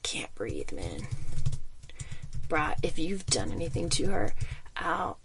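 A man voicing a sick teenage superhero boy with a thick, hoarse, sniffly voice and laid-back slang. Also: a little high, sing-song, slow pace, in a whisper, full character voice. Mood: hoarse bravado.

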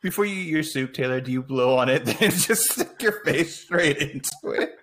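A man co-hosting a podcast, reacting to a movie recap with quick jokey comebacks. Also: a little high, lively intonation, a bit bright, a little hiss or hum. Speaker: podcast co-host. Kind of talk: casual movie recap chat.

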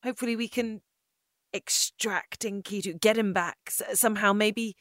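A woman's voice: medium pitch, fairly even intonation, moderate pace, a bit bright, no room sound, studio quality. A woman playing a tabletop game, earnestly suggesting plans. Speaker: player. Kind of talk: casual tabletop play.

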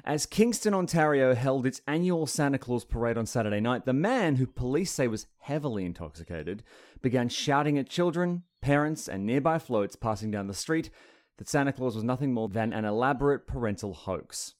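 A man's voice: mid-range voice, expressive, moderate pace, a little mellow. A man co-hosting a podcast in casual chat, teasing and sardonic, who also reads news stories aloud. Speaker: podcast co-host.

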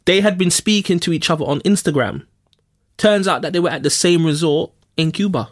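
A man from North London with a London accent, co-hosting a podcast and telling a story in casual, slangy chat full of shout-outs. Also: fairly high pitch, brisk. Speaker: podcast co-host.

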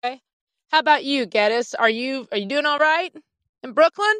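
An upbeat woman moderates a video-call panel and laughs easily. Her voice is fairly high, and the sound is dry and close. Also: lively intonation, moderate pace, a bit bright, no room sound. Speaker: panel host.

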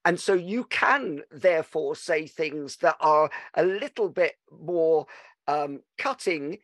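A man's voice: fairly high pitch, animated, slow pace, a bit bright, no room sound, clean studio sound. A man hosting a podcast, who chats easily, tells anecdotes and asks questions with a few restarts. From Scotland. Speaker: podcast host. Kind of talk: conversational interview.

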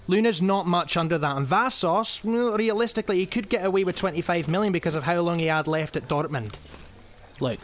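An actor with a Scottish accent playing a cynical, foul-mouthed football fixer who talks with sneering sarcasm. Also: male voice, fairly high pitch, a little hiss or hum, close to an everyday voice. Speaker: football club schemer. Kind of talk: comedic audio drama acting.

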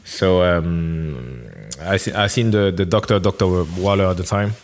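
A man's voice: sits low, normal speed. A man from France, answering interview questions in a hesitant, word-searching way. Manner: hesitant, searching for words with many restarts. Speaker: interview guest, former footballer. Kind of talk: casual conversational interview.

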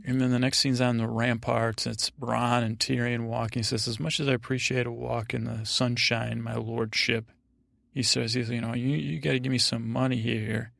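A man's voice: mid-range voice, little pitch movement, moderate pace, gravelly, a bit bright, no room sound, studio quality. A man hosting a podcast, giving a rambling, meandering sleep-aid recap of a TV episode. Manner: meandering, digressive retelling. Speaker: podcast host.

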